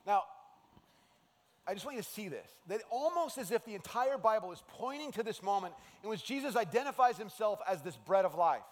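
A man preaching a sermon as a pastor, in an animated, conversational way. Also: high voice, a little fast. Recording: long hall reverb.

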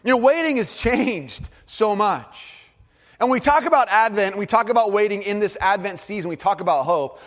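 Conversational preacher in a reverberant hall. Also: male voice, lively intonation, normal speed. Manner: conversational, drops to soft low emphasis. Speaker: pastor. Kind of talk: sermon. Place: large hall with audience.

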